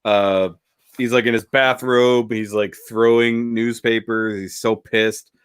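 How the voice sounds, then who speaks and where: Animated, profane man chatting in a dry room. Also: mid-range voice, slow, clean tone, dry recording. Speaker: co-host. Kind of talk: casual review chat.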